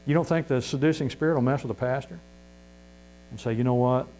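A man's voice: mid-range voice, fairly quick, a little mellow, poor audio. A man preaching a sermon in a folksy, emphatic way, his voice rising to stress a point. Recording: mains hum.

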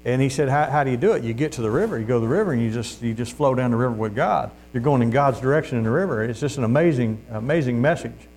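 A man's voice: mid-range voice, quick pace, few pauses, darkish tone, a little hiss or hum. A middle-aged man preaching informally as a street preacher, telling stories in a folksy way with laughs and calls of "Amen?". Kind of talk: informal testimony sermon.

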